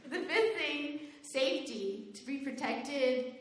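A young woman giving a faith talk, telling personal stories in a lively way, laughing often and saying "like" a lot. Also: high-pitched, takes it slowly. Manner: animated storytelling, laughs often, says "like" a lot. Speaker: youth speaker. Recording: very echoey room.

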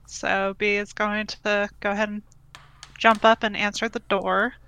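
A woman playing a tabletop role-playing game, slowly describing her character's actions. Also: medium pitch, level tone, pushed and bright, clean tone, rough recording. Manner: slow, describing actions in third person. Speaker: player.

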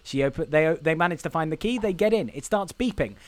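Guy with a high voice retelling a movie on a podcast, dry close sound, acts out the lines. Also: expressive, quick pace, no echo. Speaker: podcast co-host. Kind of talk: casual film recap chat.

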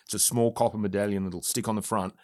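Low-voiced guy rambling thru a story, swears a lot, dry close sound. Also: fairly even intonation, fast, a little mellow, no room sound. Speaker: distillery owner guest. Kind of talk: casual podcast chat.

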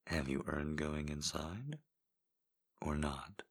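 A man in a whispered role-play, giving slow, coaxing encouragement with repeated phrases in a deep, husky whisper. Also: expressive. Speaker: intimate audio performer.

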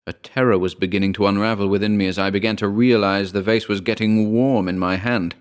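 Deep-voiced man narrating horror. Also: fairly even intonation, smooth. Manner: measured, grave storytelling.

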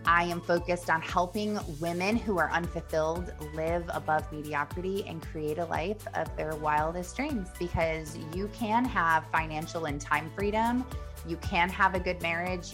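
A woman's voice: lowish voice, normal speed, reverberant, music in the background. A woman in her thirties hosting a motivational podcast, talking casually and animatedly and acting out her own thoughts. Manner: chatty, animated, acts out her own inner voice. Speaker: podcast host.

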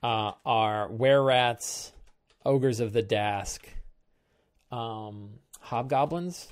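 A man hosting a game-prep show, thinking aloud while he plans a tabletop session, musing in halting stops and restarts. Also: mid-range voice, smooth.

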